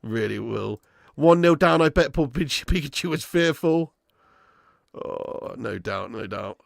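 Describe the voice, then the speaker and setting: Excitable man with a gravelly voice. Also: medium pitch, a little slow, dry recording, clean studio sound. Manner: excitable, chatty, slangy, buzzing with joy. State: voice going hoarse. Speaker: football watch-along streamer. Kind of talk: live stream chat and match reaction.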